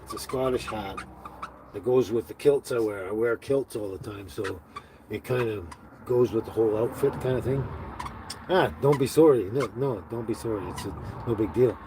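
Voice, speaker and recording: A man chats loosely on a live stream, wandering from one thought to the next with frequent fillers and restarts. He sounds like he is talking from inside a small home, and steady background noise runs under his voice throughout. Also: on the low side. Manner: rambling, halting, with many restarts and fillers. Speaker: livestream host. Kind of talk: casual live-stream chat.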